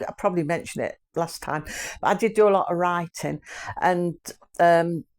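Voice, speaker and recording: Older woman, low-pitched voice, casual rambling chat, laughs often, channel host.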